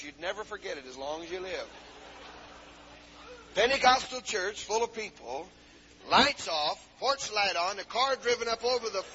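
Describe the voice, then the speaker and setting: High, bright-voiced fervent preacher man. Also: a little hiss or hum. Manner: fervent, punctuates with hallelujahs, many "uh" fillers, climbs to shouts. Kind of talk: fiery Pentecostal sermon. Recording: dull lo-fi 1970s tape.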